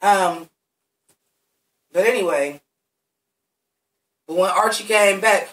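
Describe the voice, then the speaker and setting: A man's voice: high-pitched, slow, pauses often, fairly bright tone, roomy sound, far from the mic, rough recording. A man giving a blunt, heavily profane recap of a TV episode, talking straight to his viewers. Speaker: TV recap reviewer.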